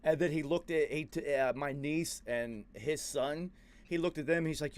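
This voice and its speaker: A man's voice: fairly high pitch, moderate pace, a little mellow. A man hosting a podcast, telling a story in a casual, slangy, profane way. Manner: slangy and profane, says "yo" and "dude" a lot. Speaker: podcast host.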